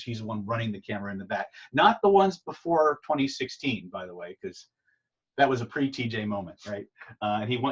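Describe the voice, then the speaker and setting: A man teaching communication skills in an animated storytelling way, restarting phrases often, over a video call. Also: medium pitch, husky, far from the mic. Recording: dull lo-fi sound.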